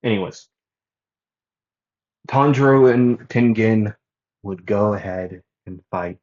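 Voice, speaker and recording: A man's voice: lowish voice, slow, darkish tone. A man casually narrating a fan-made story, rambling with many fillers and self-corrections, on a dull lo-fi recording.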